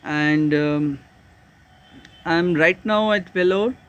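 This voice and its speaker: A man's voice: a little high, slow, fairly bright tone, clean tone, muffled recording. A man, teaching an online literature class, patiently explaining step by step and checking that students follow.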